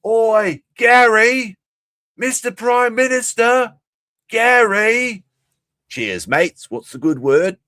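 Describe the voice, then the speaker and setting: A man's voice: extremely high pitch, animated, slow, pitched above the performer's own voice, heavily acted. Man putting on a rowdy Aussie bloke. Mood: rowdy mocking. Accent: broad Australian, put on. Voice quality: loud, shouting from far off. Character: exaggerated rowdy male Australian bloke.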